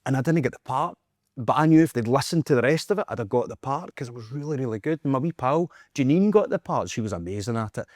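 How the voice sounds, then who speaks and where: A Scottish man tells animated, self-mocking anecdotes at a brisk, quick pace. His voice sits at an everyday middle pitch. The recording is dry and close, with no room echo. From Scotland. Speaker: guest performer. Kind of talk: storytelling in casual chat.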